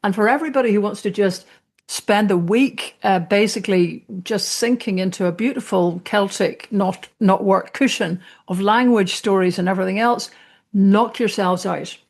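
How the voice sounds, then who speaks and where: A woman's voice: medium pitch, normal speed. A Scottish woman hosting a podcast, chatting casually with laughs and restarts. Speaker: podcast host.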